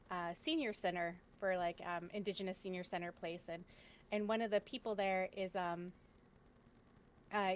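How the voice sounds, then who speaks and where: A woman's voice: medium pitch, slight background noise. A woman on a panel telling a family story casually, laughing often as she goes. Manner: chatty, laughs often, acts out quoted family lines.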